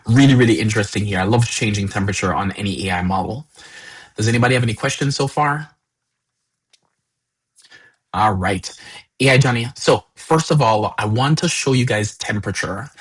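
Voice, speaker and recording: A man's voice: lowish voice, normal speed, pauses often, slightly rough, rough recording. A man leading a live workshop, talking casually with lots of fillers and repeated words. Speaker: workshop instructor.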